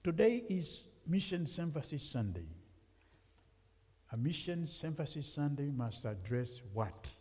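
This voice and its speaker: A man from Africa preaches as a guest speaker, his voice fairly high and mellow. He talks with the congregation in a conversational way and asks them questions. The sound carries a long reverb from the church. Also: big pitch swings, measured pace, slightly rough. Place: church sanctuary.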